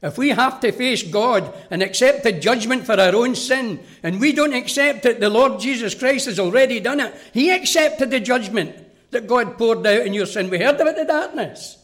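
A high-pitched man preaches a sermon. He is earnest and direct and speaks straight to the children listening. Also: animated, normal speed, fairly bright tone.

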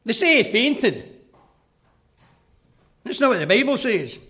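A man's voice: very high-pitched, very animated, slow, pushed and bright. A man preaching a sermon, earnest and direct, speaking straight to the children.

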